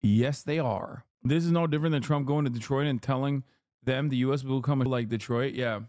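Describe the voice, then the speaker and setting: A man's voice: mid-range voice, moderate pace, dark tone, no room sound, studio quality. A man streaming live, reacting to news clips with casual, profane, sarcastic commentary and mocking quoted voices.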